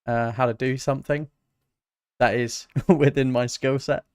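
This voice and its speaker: A man from Britain, a music producer casually chatting with his livestream viewers in a relaxed, self-mocking way. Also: medium pitch, measured pace, clean tone, dry recording, clean studio sound.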